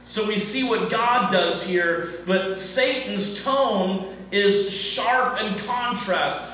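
A man with a high, bright voice preaches a sermon, slow and deliberate, building his points in short repeated phrases. He sounds some distance from the mic, in a very echoey church with a faint hum of the room behind him. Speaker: pastor. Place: church sanctuary.

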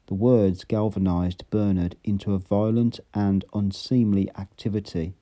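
A male audiobook reader narrates in a steady, even manner. His voice sits low and sounds very dark and mellow. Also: moderate pace, hardly any pauses. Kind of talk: novel reading.

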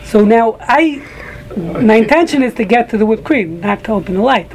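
A man's voice: sits high, normal speed, low-quality recording. A man teaching a casual group Talmud class, rambling with frequent restarts and joking asides to a small room of listeners.

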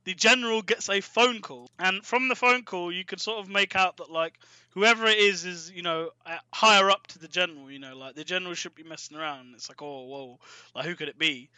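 A man's voice: high voice, brisk, sharp tone, smooth, dry recording, rough recording. A young man recapping a film in casual chat, rambling and amused, with lots of fillers. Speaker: podcast co-host.

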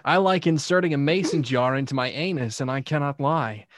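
A man's voice: a little high, fairly quick, dry recording, clean studio sound. A man co-hosting a comedy podcast, reading his game cards in a playful, sing-song way. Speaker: podcast co-host. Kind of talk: casual comedy chat during a card game.

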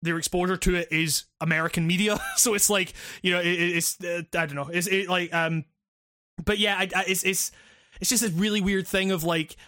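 A man's voice: sits high, steady tone, brisk, bright, forceful tone, dry recording, clean studio sound. A man in casual game talk, rambling with many restarts and plenty of swearing.

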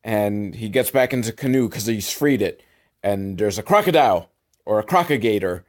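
A man hosting a sarcastic comedic movie recap, with wry, deadpan asides, casual swearing and chuckles. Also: on the low side, moderate pace. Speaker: show host recapping a film.

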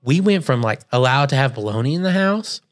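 A man's voice: mid-range voice, animated, brisk, faint music behind. A young man co-hosting a casual podcast, telling rambling stories in a laid-back, profane way. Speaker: podcast co-host. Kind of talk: casual chat.

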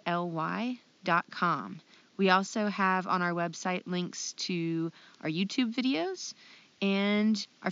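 A friendly woman from Ohio co-hosting a casual podcast and reading out listener comments. Her pitch sits mid-range, and the recording sounds dull and lo-fi. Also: fairly bright tone. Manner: friendly, giggly, reads listener mail. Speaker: podcast co-host.

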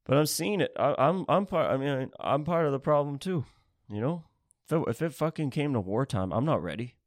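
Podcast host, male, restless profane rant, mid-pitched voice, dead-dry sound. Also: animated, brisk, dry recording. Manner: rambling, swearing, restless, jumps between topics.

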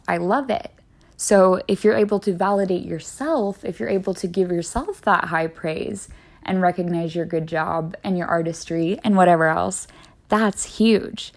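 A woman's voice: fairly low pitch, moderate pace, gravelly, a little mellow. A woman hosting a solo wellness podcast, talking in an earnest, encouraging way with lots of casual "like"s. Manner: earnest, encouraging, chatty with many "like"s. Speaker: podcast host.

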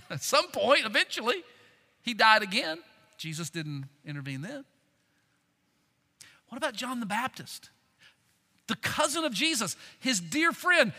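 Bright-voiced preaching man in reverberant hall. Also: very high-pitched. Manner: preaching with swings from hushed to loud. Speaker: pastor. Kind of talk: sermon.

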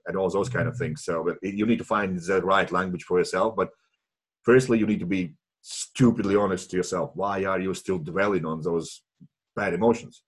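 Deep, husky man, earnest and halting. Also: steady tone. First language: not English. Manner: earnest, halting, restarts phrases. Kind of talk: casual chat.

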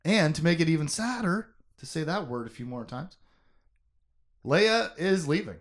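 A man's voice: a little high, animated, normal speed. Emotive young man chatting casually. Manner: emotive, laughing, conversational with many fillers. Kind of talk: casual chat about a novel.

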